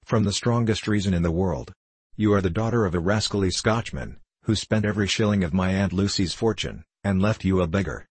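A man's voice: low voice, brisk, husky, dry recording. A man reading the part of a blustering, domineering country squire in an audiobook. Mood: scolding. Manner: domineering, scolding. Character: blustering bullying country squire, male, middle-aged.

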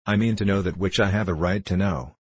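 A man's voice: low voice, fairly quick, breathy edge, no echo. A man reading as Renzo, a hot-tempered young villager. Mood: demanding. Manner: forceful, demanding. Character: young male villager, angry and insistent.

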